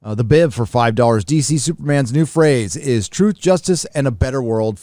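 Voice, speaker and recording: A male host reads viewer messages aloud on a live stream, adding quick offhand remarks between them. His voice sits at an ordinary middle pitch. The sound is dry and close to the mic. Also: lively intonation, warm tone, no room sound. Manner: reads superchats aloud then comments offhand. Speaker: host reading donations. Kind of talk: casual live-stream chat.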